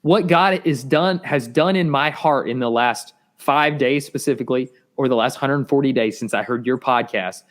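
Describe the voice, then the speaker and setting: Guy telling his testimony, earnest and halting, keeps restarting, gets louder when it builds. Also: medium pitch. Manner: earnest, halting, repeats words, voice rises with intensity. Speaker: guest sharing testimony. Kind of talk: emotional personal testimony.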